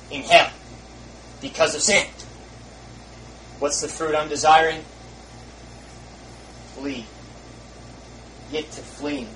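A man preaching a fiery sermon in a church, dropping to a hush and then rising to shouts. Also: fairly high pitch. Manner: swings from hushed to shouting. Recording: distant mic, faint hiss.

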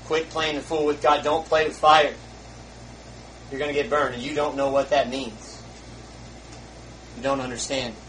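A man preaching a fiery sermon in a church, dropping to a hush and then rising to shouts. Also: medium pitch. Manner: swings from hushed to shouting. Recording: distant mic, faint hiss.

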